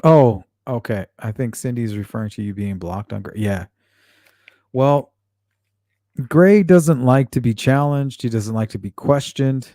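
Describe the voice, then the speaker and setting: A man's voice: mid-range voice, a little slow, dark tone, dry recording, clean studio sound. A man hosting a true-crime livestream, chatting casually and reading out viewer comments, blunt and often profane. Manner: blunt and profane, with frequent fillers.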